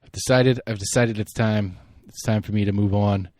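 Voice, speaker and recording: A man doing a weak impression of a pompous male politician, in a halting, blustering voice. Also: lowish voice, steady tone, a little mellow, dry recording, lightly acted. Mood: mock-humble.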